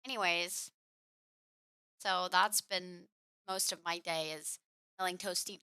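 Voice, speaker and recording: A woman's voice: lowish voice, fairly even intonation, slow pace, pauses often, sharp tone, smooth, no room sound, studio quality. A woman live-streaming a game from home, chatting casually and cooing at and scolding her cat between remarks. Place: home room.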